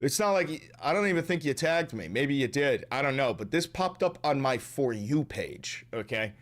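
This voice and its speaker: A man's voice: mid-range voice, lively intonation, moderate pace. A man hosting a livestream, chatting loosely and profanely while reading viewer messages aloud. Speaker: livestream host. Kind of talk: casual stream chat.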